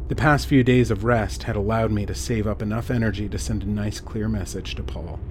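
A man reading a scripted horror story in a measured way, dropping to a hush at tense moments. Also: fairly low pitch, fairly even intonation, slight background noise. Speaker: narrator. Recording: faint music underneath.

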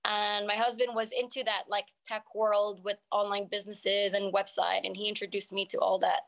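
A young woman chats casually in an interview, her sentences stopping and restarting as she gathers her thoughts. Her voice sits at an ordinary middle pitch for a woman. She talks about moving from nursing to selling jewelry online. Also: little pitch movement, creaky, a bit bright. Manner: halting, many restarts and fillers. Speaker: nurse turned online jewelry seller.

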